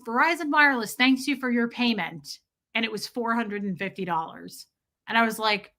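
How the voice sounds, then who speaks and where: A livestream host with a bright, forceful, slightly high-pitched voice rants casually to her audience. She tells her story fast and chattily, restarting often and filling her speech with "like."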